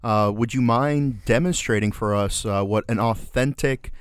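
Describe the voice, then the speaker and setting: A man from Florida co-hosting a podcast in casual chat, with a mid-pitched voice recorded dry and close. He laughs often and swears his way through teasing banter. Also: moderate pace, clear, resonant tone, no echo. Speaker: podcast co-host.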